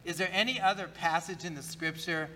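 A man's voice: sits high, fairly quick, pushed and bright, low-quality recording. A male pastor preaching a conversational sermon in church, talking casually, often repeating words and asking the congregation questions.

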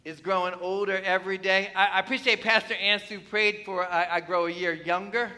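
A man's voice: high-pitched, fairly even intonation, fairly quick, bright, forceful tone. A man preaching a sermon to his congregation, emphatic and conversational, often asking the listeners questions. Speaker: pastor. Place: church.

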